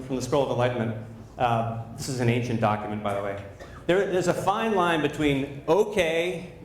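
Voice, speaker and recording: A man in his thirties doing a stand-up comedy set in a club, deadpan and mock-instructional with punchy pauses. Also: medium pitch, slight background noise. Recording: roomy live club recording.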